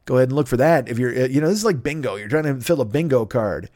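A man's voice: mid-range voice, lively intonation, quick pace, darkish tone, no room sound, studio quality. A man hosting a podcast, rambling through a profane, jokey sponsor plug full of asides. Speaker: podcast host. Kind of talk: casual podcast ad read.

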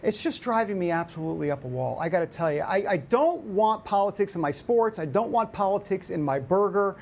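Animated, exasperated male talk host. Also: sits high, fairly quick, creaky, slight background noise. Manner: animated, exasperated, with many fillers and restarts. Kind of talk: opinionated news commentary.

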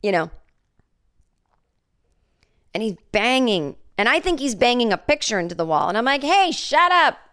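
Chatty woman podcast host, smooth voice. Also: medium pitch, expressive, moderate pace, long pauses, a bit bright. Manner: chatty, jokey, acts out voices in her stories. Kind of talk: comedic solo podcast storytelling.

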